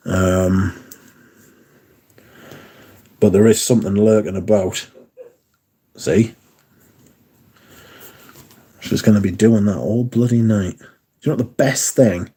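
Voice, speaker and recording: Husky-voiced man chatting on stream. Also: on the low side, warm tone. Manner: chatty, swears casually. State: lost his voice, sore throat. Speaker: livestream host. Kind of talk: casual chat to viewers.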